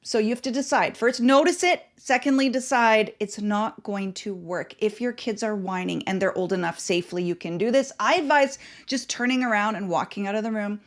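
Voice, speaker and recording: A woman's voice: medium pitch, normal speed, hardly any pauses. A woman hosting a parenting podcast, giving earnest, instructive advice in short emphatic phrases.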